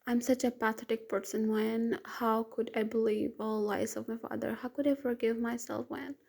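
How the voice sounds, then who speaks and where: A woman's voice: on the high side, level tone, normal speed, vocal fry, darkish tone. A woman voicing a remorseful young husband who pleads tearfully for forgiveness.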